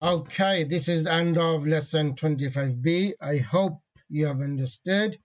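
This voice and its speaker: Guy teaching a grammar class, a bit high voice, repeats stuff slow, muffled lo-fi audio. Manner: patient, repeats key terms slowly; reads Arabic grammar phrases quickly. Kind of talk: online grammar lesson.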